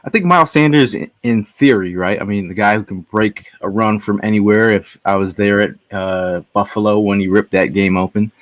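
Low-voiced man telling a rambling story. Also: moderate pace, hardly any pauses, no echo. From Connecticut. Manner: rambling storyteller with many fillers and restarts. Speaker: podcast guest. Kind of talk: casual chat.

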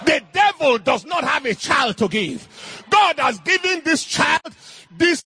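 A middle-aged man preaching a fervent sermon in King James cadence, rising into shouted bursts. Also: extremely high pitch, very animated, measured pace, dry recording, faint music behind.

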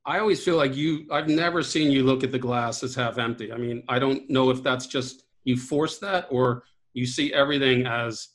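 A man's voice: medium pitch, normal speed, hardly any pauses. Older man asking friendly questions. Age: 60s. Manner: supportive interjections, curious questions. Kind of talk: casual conversation.

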